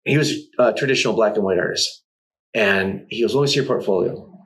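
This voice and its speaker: A middle-aged guest artist tells anecdotes in a casual interview, animated, laughing often, and swearing some. His voice is on the low side and a little fast, and the audio quality is poor.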